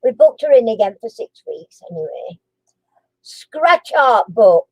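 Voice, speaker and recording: A woman's voice: on the high side, very animated, unhurried, no room sound, rough recording. A chatty woman, hosting a casual live chat and quiz stream, giggling and cooing to her dog between guesses.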